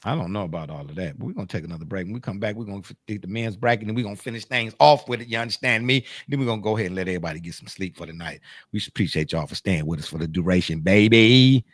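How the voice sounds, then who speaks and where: A man hosting a casual sports talk livestream, joking and folksy, drawing out words and swinging his pitch widely. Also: very fast, no echo, studio quality. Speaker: show host.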